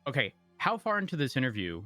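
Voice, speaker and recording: A man's voice: medium pitch, huge pitch swings, fast talker, bright, forceful tone, dry recording, soft background music. A man playing a police officer in a roleplay discussion, asking pointed questions with many hesitations.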